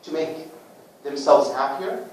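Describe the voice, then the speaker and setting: Lively man presenting in an echoey room. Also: on the high side, slow. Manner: lively, asks rhetorical questions, plays out little scenes. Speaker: book club presenter. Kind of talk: informal talk to a small group. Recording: echoey room, far from the mic, faint noise.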